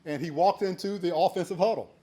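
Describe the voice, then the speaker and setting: This is an older man in his sixties delivering a storytelling keynote speech. His voice sits a little high for a man. He tells anecdotes in a folksy way and turns earnest and urging when he gives advice. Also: quick pace. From United States. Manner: folksy, animated when retelling shouted quotes. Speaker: keynote speaker.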